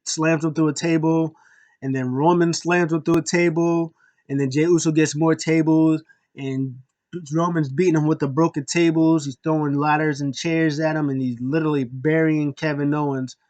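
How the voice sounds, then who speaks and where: A man casually recapping a wrestling show, animated and acting out the wrestlers' lines in quick impressions. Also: fairly high pitch.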